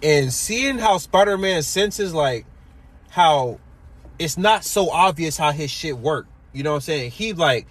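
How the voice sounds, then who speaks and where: A man's voice: on the high side, lively intonation, measured pace. A young man co-hosting a podcast, chatting casually in slangy, profane speech and acting out movie lines. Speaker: podcast co-host. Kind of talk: casual chat. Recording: faint background noise.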